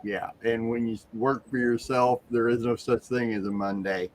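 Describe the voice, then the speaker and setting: A man's voice: medium pitch, steady tone, moderate pace, a little mellow, slight background noise. A man hosting a studio show, chatting in an easygoing way. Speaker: show host. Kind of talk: casual studio chat.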